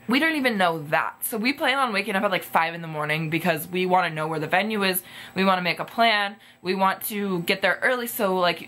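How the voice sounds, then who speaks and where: A woman in her twenties rambles through a casual storytime for her vlog, leaning on "like" at every turn. Her voice sits a bit low but sounds bright and forward. Faint room noise hums behind her. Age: 20s. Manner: chatty, heavy use of "like", quotes people in higher animated voices. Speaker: vlogger.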